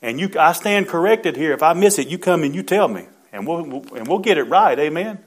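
Male pastor, middle-aged; fervent sermon delivery, frequent amens, surges to loud emphasis. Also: fairly high pitch, lively intonation, brisk, breathy edge.

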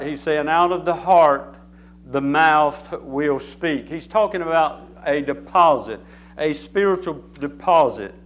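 A man's voice: fairly high pitch, slight background noise. A man preaching a sermon, repeating phrases and building emphasis as he speaks. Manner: repetitive, emphatic preaching with rising intensity.

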